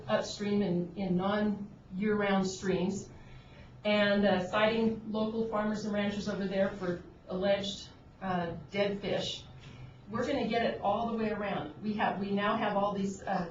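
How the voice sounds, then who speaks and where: A woman on an agriculture board giving earnest, pointed, unscripted remarks at a public meeting, with frequent restarts. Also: medium pitch. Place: conference room at a government meeting. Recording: dull, noisy, roomy audio from a distant room mic.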